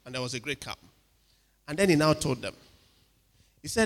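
A man preaching a sermon with animated delivery, acting out quotes and checking in with the congregation. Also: a little high, a little fast, long pauses. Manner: animated, dramatic, acts out quotes, asks the crowd "are you with me". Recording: reverberant hall.

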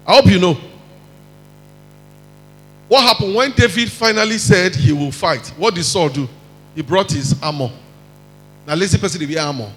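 Animated Nigerian preacher in a reverberant hall. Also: male voice, high voice, normal speed, long pauses, soft background music. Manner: animated, mixes in pidgin, acts out quotes. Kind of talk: sermon.

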